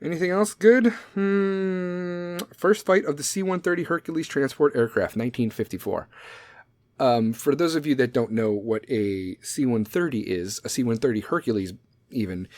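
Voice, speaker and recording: A man's voice: mid-range voice, normal speed, darkish tone, no room sound. A man hosting a talk show, casually riffing on history dates with lots of profanity, sarcasm and his own laughter. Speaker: podcast host.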